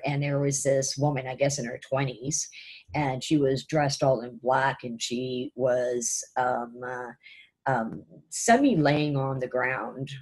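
A woman's voice: a bass voice, breathy edge, rough recording. A woman telling a personal spiritual vision to camera, hesitant and full of fillers and repeated phrases. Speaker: vlogger recounting a spiritual vision. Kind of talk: personal testimony storytelling.

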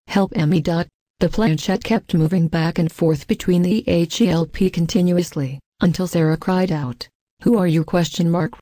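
A woman narrating a scripted ghost story in the first person, reading in a measured, even way and reading out the quoted lines herself. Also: lowish voice, no echo.

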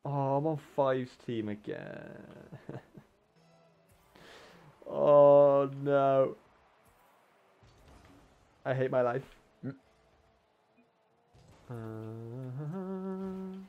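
A man's voice: mid-range voice, fairly even intonation, unhurried, narrow, tinny audio. A man commentating his own online gameplay in casual, sarcastic banter, cursing and exclaiming at his teammates. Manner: frequent exclamations and laughs.

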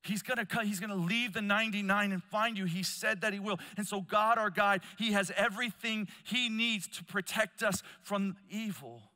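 Lively preacher in a reverberant hall. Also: male voice, normal speed, few pauses. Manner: storytelling, swings between loud emphasis and hushed low asides. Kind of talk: conference sermon.

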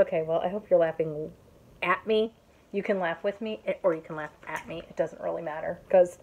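A chatty woman from Indiana shows off her craft haul, laughing at herself and getting excited. She is tired from an early start. Her voice sits a little low. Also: fairly quick, highs cut off. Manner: chatty, giggly, self-mocking, excitable. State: tired, up since early morning. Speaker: YouTube vlogger showing a haul. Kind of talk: casual haul vlog chat.

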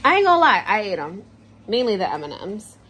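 A woman's voice: medium pitch, sing-song, a little fast, fairly bright tone, husky, low-quality recording. A woman vlogger chatting casually to camera at home, telling stories in a slangy, joking way. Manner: chatty, slangy, jokey storytelling.

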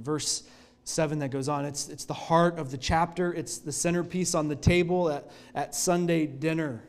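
A male pastor preaching a sermon in a church, telling the story in an earnest, expressive way. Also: fairly high pitch, moderate pace.

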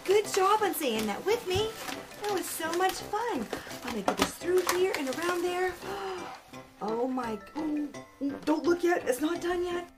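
A woman hosting a children's show, talking excitedly to small children with lots of gasps and a sing-song delivery. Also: extremely high pitch, normal speed. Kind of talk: children's program presenting. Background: background music.

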